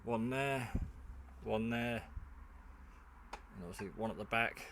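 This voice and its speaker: A man's voice: fairly low pitch, slow. A tired man in a casual home-build vlog, talking in a rambling, chatty way with many fillers while he works. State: tired, half asleep. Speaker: hobbyist maker. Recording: faint background noise and clicks.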